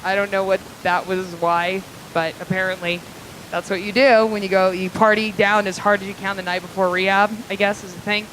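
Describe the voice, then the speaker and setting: A woman comic works a small club crowd with crude, meandering stories full of ums and likes. Her voice sits mid-pitch, and a faint hiss runs under the live recording. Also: little pitch movement, brisk, a bit bright, rough recording. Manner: crude, rambling storytelling with fillers. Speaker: stand-up comedian. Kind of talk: stand-up comedy set.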